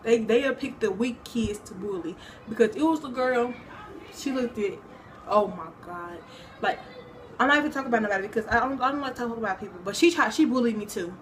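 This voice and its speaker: Young woman, casual vlog talk, rambling, lots of fillers, slightly high voice. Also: fairly quick, a little hiss or hum. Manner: rambling, full of fillers and restarts. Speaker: vlogger.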